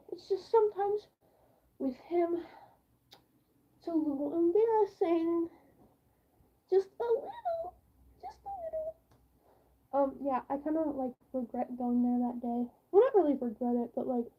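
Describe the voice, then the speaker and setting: A high, girlish female voice rambling through a casual livestream story, full of "like" and "um". She gets whiny when she re-enacts her complaints. The sound is muffled and lo-fi. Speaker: livestream host. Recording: dull lo-fi stream audio.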